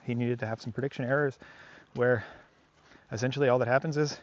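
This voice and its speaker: A man's voice: mid-range voice, fairly even intonation, fast, no room sound, dull audio. A man working as a dog trainer, talking casually to the camera on an outdoor walk, rambling and reflective with many fillers.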